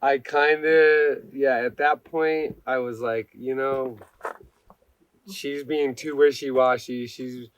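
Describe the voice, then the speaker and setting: Slow-talking blunt man. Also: medium pitch, steady tone, smooth, no echo. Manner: blunt, profane, laughs at himself. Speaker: climber telling his story. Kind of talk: casual interview chat.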